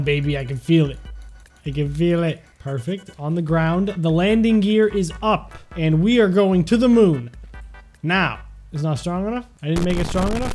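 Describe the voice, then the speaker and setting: A young man commentating on his own gameplay, excitable and yelping when things go wrong. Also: a little high. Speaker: gaming YouTuber. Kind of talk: game commentary.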